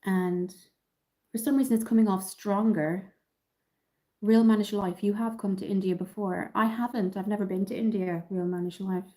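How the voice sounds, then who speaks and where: Her voice is medium-pitched, warm and steady, moving at a normal speed: a woman from Dublin with an Irish accent running a live makeup tutorial. She chats, reads viewer comments aloud and answers them with frequent ums, sounding slightly nasal from an oncoming cold, on a rough recording.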